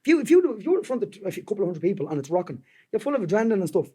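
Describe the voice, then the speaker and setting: A man's voice: high-pitched, sing-song, racing, mellow, slightly rough. A young Irish man with a Dublin accent, a guest singer-songwriter rambling through stories in casual podcast chat and swearing freely. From Dublin, Ireland.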